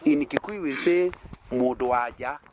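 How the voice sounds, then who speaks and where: A man's voice: medium pitch, normal speed, a little mellow, slight background noise. A man with a Kenyan accent, from Kenya, preaching an interactive sermon. He keeps checking in with his listeners through rhetorical questions and chuckles.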